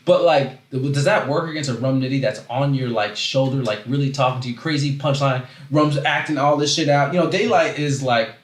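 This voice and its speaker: A man hosting a casual livestream, talking in loose rambling runs that keep breaking off and restarting, then stopping to read chat out loud. His voice sits at an ordinary middle pitch. The sound has a roomy echo around it. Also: fairly quick, hardly any pauses. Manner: rambling, self-interrupting, animated, reads chat aloud. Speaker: host.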